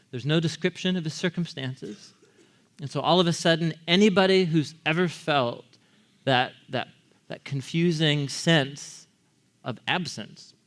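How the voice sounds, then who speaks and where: A man preaching a sermon as pastor, talking to the congregation in a conversational way and asking them questions. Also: on the high side. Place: church.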